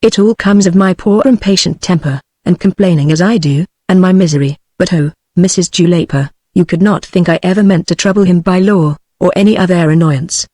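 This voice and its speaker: A British woman text-to-speech voice reading the part of a gentle, feeble and miserable young man, without changing voice. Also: lowish voice, brisk, hardly any pauses, no echo, clean studio sound, close to an everyday voice. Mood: pleading. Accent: British English. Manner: plain synthetic reading, no change of voice.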